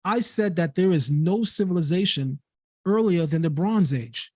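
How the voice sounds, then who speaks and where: A man's voice: sits high, expressive, normal speed, a little mellow, no echo, clean studio sound. A young man of Caribbean descent hosting a late-night live stream, talking emphatically and repeating himself to drive his points home. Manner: emphatic, repetitive, stressing words to make a point. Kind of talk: heated live stream commentary.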